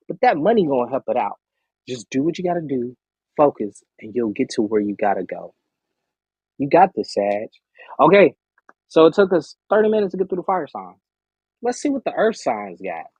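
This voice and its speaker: A man hosting a live-streamed tarot reading, animated and encouraging, humming and murmuring as he reads the cards. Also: mid-range voice, husky, dry recording. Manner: animated, encouraging, talks straight to the listener. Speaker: tarot reader host.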